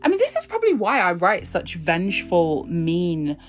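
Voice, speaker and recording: Profane ranting young woman, lively voice. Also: lowish voice, moderate pace, faint music behind. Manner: profane, ranting, laughing at herself. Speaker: poet reading and discussing her own breakup poems. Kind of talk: confessional casual monologue.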